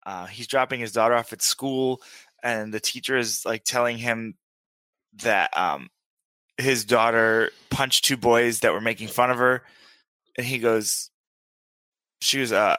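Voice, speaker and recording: A man co-hosts a casual podcast, telling a long recap full of fillers and bursts of laughter. His voice is bright and forward, at a middling pitch. The sound is dry and close. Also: dry recording. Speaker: podcast co-host. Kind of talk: casual chat.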